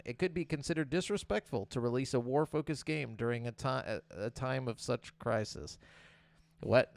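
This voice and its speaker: A man co-hosting a podcast, reading gaming news items in a relaxed way with fillers and frequent laughs. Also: mid-range voice, smooth, dry recording. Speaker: podcast co-host. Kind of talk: casual chat, reading game news.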